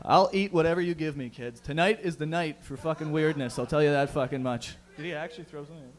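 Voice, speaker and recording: A man's voice: fairly high pitch, fast talker. A man hosting a live stand-up show from a bar stage, bantering crudely with the crowd on a handheld mic. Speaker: stand-up host.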